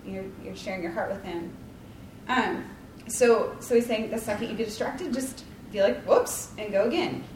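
A woman's voice: medium pitch, moderate pace, darkish tone, slight background noise. A woman leading a casual devotional talk, chatty and rambling, with lots of likes and ums and a self-deprecating tone. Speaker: Bible study leader. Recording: roomy, distant mic, faint ambience.

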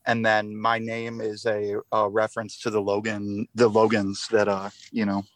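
A man's voice: lowish voice, monotone, moderate pace, a bit bright, dry recording. Swearing, rambling male podcast guest. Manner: profane, rambling, self-deprecating. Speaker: podcast guest, musician in a band. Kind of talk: casual podcast chat.

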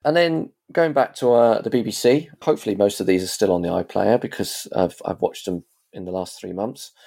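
Chatty man, deep mellow voice. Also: fairly quick, vocal fry. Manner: chatty, rambling, frequent restarts. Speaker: reviewer of TV series. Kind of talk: casual chat.

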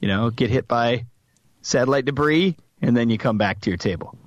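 A man's voice: medium pitch, moderate pace, no echo, muffled recording. A middle-aged man co-hosting a casual podcast, playful and wry, spinning extended jokey metaphors. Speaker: podcast co-host. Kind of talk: casual chat.

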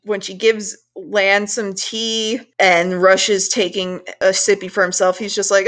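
A woman co-hosting a casual chat, recapping a cartoon episode in an animated way, swearing and acting out characters' lines. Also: medium pitch. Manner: animated, swears, acts out lines in quick voices. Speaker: podcast co-host.

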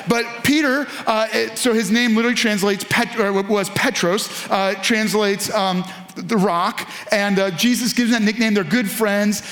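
A man's voice: high-pitched, fairly even intonation, moderate pace, hardly any pauses, fairly bright tone. A male pastor giving a sermon in a conversational, storytelling way.

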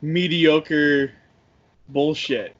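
A man's voice: a little high, fairly even intonation, very slow. A man co-hosting a podcast, swearing and defending his picks in casual chat. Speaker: podcast co-host. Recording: dull lo-fi sound.

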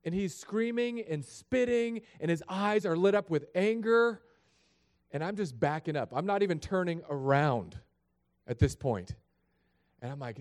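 A middle-aged male pastor recounts a story from the pulpit. His voice sits a bit high for a man. He moves freely between quiet, hushed passages and louder, raised ones. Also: lively intonation, measured pace. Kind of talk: sermon storytelling.

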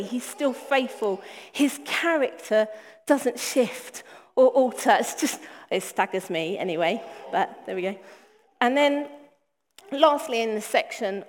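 A woman preaching a sermon, earnest and emphatic, repeating phrases for weight. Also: a little high. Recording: long hall reverb.

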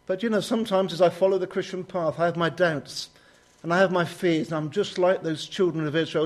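A man preaching a sermon, telling stories and voicing prayers with sudden lifts in pitch. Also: fairly even intonation, a little fast. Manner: storytelling, rising sharply when quoting prayers.

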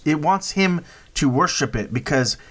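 A man's voice: a little high, lively intonation, moderate pace, fairly bright tone. Rambling man recapping a movie. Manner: rambling, recaps plot with many restarts and "right?" checks. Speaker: podcast host. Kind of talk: casual movie review chat.

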